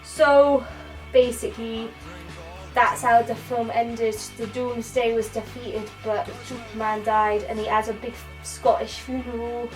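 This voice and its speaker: A woman's voice: a little high, little pitch movement, measured pace, soft background music, low-quality recording. A woman doing a rambling, slangy comic film review.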